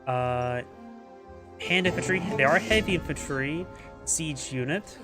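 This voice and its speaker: Music plays in the background as a man with a congested, stuffy nose casually commentates live on a strategy game. The caster speaks unhurriedly at a fairly high pitch, thinking out loud and correcting himself along the way.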